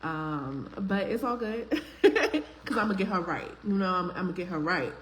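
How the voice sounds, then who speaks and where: A woman's voice: on the low side, animated, a little slow, noisy background. A woman, hosting a live faith-based talk stream, greeting viewers by name in a chatty way with frequent ums. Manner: uses casual slang, filler ums. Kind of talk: casual live-stream chat.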